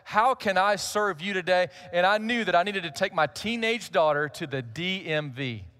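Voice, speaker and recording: A man's voice: sits high, expressive, moderate pace, pushed and bright. A middle-aged male pastor, telling a humorous personal story in a conversational sermon.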